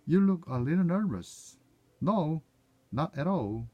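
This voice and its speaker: A man's voice: fairly high pitch, very animated, takes it slowly, highs cut off. A man whose first language is Korean, reading short everyday English dialogue lines aloud one by one to proofread them, sometimes correcting himself. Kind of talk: reading practice phrases aloud.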